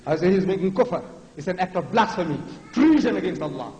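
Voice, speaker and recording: A man's voice: animated, fast, a little mellow. A man in his seventies giving a fiery, emphatic public lecture on religion, with a militant preaching manner. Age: 70s. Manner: mocks other speakers with a high, weak voice. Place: large lecture hall before an audience. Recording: echoey large hall.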